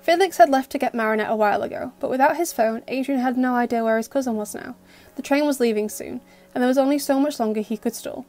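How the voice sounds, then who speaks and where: Woman reading an audio story over soft music. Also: sits high, fast. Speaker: audio fic narrator. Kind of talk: storybook narration.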